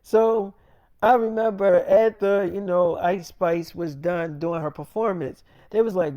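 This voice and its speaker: A man's voice: high-pitched, unhurried, warm tone, no room sound, studio quality. A man telling a rambling freestyle story in casual slang, cursing freely.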